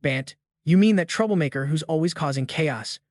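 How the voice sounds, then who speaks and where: A man's voice: a little high, lively intonation, normal speed, no echo, clean studio sound, natural voice. A man voicing a blunt, brash older uncle who blurts his questions.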